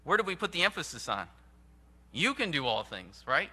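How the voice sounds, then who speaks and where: A man preaching a sermon in an earnest, emphatic way, with sudden rises and hushed drops. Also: a little high, very animated, a little fast. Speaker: pastor.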